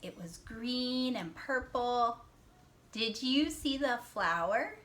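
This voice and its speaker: A woman teacher giving a reading lesson to young children. She talks slowly, draws out words to count syllables, praises answers, and sometimes whispers. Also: on the high side, lively intonation, fairly bright tone. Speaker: classroom teacher.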